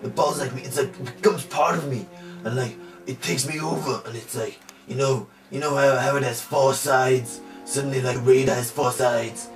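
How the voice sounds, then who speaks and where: A brash, bragging male rugby player, played by a man who rambles on, stuffing every thought with filler words. He sounds set back from the mic in a roomy space. Music plays clearly behind him. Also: medium pitch, steady tone, normal speed, close to an everyday voice. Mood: blustering. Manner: rambling, boastful, packed with "like" and "you know". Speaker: comic character in an amateur trailer. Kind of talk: improvised comedy monologue. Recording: roomy amateur video from far off with music.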